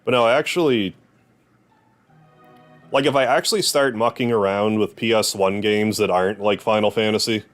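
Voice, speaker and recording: A man's voice: fairly low pitch, moderate pace, pauses often, soft background music. A man streaming a video game, joking and rambling through casual commentary. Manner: joking, self-deprecating asides.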